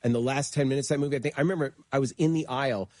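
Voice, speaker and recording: A man, a horror filmmaker and guest, telling animated stories in conversation and acting out the voices he quotes. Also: mid-range voice, dry recording. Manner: fast, excitable, acts out quoted voices. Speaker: horror film producer and director guest.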